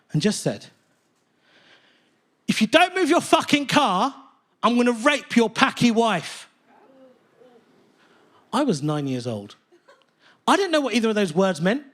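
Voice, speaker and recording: A comedian from England works a theatre crowd with a high-pitched, highly animated voice. He swings from hushed storytelling to loud indignant rants, and his pitch leaps all over the place. He sounds like a man in his thirties. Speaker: stand-up comedian. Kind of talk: stand-up comedy set. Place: large theatre stage. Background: audience laughter.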